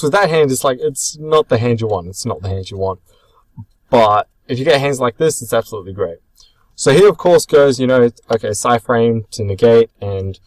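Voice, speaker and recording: A young man with a fairly low voice talks through footage of his card game match in a loose, chatty way. He rambles, says um a lot and stops to correct himself. The sound is dry and close, with hardly any room around it. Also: a little mellow, no room sound, poor audio. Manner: chatty, rambling, self-correcting with many ums. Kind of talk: casual commentary over match footage.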